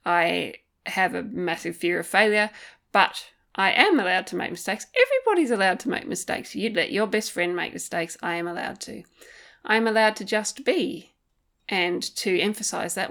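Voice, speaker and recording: A woman hosting a solo podcast, talking gently and earnestly, thinking aloud with frequent pauses and ums while offering faith-based encouragement. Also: medium pitch. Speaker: podcast host. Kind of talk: reflective solo podcast talk.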